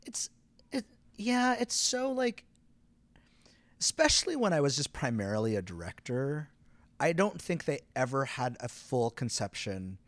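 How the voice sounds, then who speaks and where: A man from Canada, speaking at a mid-range pitch, tells stories with lively animation, says "like" constantly and often laughs mid-sentence. He sounds like a theatremaker chatting as a podcast guest. The recording is close and dry, with no room sound. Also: a little slow, dry recording. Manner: animated storyteller, heavy use of "like", laughs often. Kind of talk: casual conversational interview.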